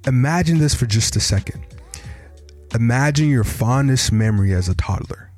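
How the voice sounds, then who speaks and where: A man's voice: mid-range voice, dark tone. Man, podcast host, scripted intro, dramatic, faint background music. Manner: dramatic, asks the listener to imagine.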